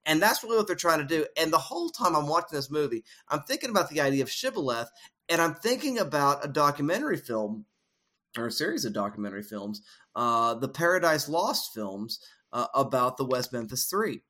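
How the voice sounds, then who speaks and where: A man's voice: fairly high pitch, very animated, brisk, sharp tone. A man co-hosting a casual film discussion, explaining ideas at length in a thoughtful way with frequent fillers. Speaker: podcast co-host.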